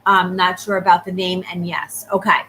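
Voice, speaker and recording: A woman giving a live psychic reading, talking quickly and checking in often with the person she reads for. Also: on the low side, flat delivery, sharp tone, slight background noise, rough recording. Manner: rapid, repeatedly checking in with the sitter. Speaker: psychic medium.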